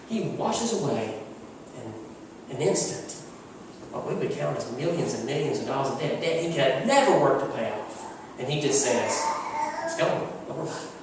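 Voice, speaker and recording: A male pastor preaches in a relaxed, storytelling way, leaning hard on key words. His voice sits slightly high and is caught from far off by the mic. A long reverb fills the church sanctuary, with faint ambience underneath. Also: background noise. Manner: conversational storytelling, emphatic. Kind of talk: sermon. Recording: echoey church hall from far off.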